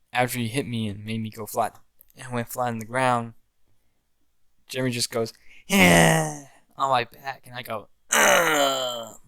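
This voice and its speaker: Young guy rambling about his old fan film, mid-pitch voice, super dry close mic. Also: clean tone, dry recording. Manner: rambling, restarts often, acts out his own film lines. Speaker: amateur filmmaker. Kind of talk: casual storytelling.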